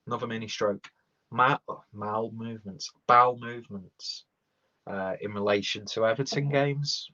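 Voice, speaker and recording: A young man rambles through a casual live-stream beer review, swearing and talking with his mouth full. His voice sits at an ordinary middle pitch. The stream audio is dull and lo-fi. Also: measured pace, pauses often, fairly bright tone. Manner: rambling, sweary, talks while chewing.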